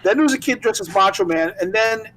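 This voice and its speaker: A man's voice: high voice, animated, quick pace, fairly bright tone, slight background noise, poor audio. A man co-hosting a casual podcast, recalling old toy commercials in a rambling, chatty way. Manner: chatty, rambling, with fillers and restarts. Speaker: podcast co-host. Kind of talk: casual chat, nostalgic recollection.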